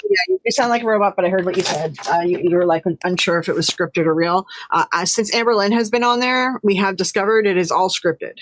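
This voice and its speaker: A woman's voice: medium pitch, quick pace, hardly any pauses, slight background noise, rough recording. A woman hosting a livestream, chatting in a rambling way with lots of fillers. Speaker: livestream host. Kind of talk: casual chat.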